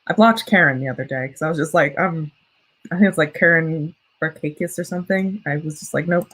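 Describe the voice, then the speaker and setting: A woman's voice: sits low, fairly quick, a bit bright, husky, rough recording. A young woman hosting a casual livestream, chatting with viewers and reading their comments in a rambling, self-correcting way. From United States. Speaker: livestream host and student writer.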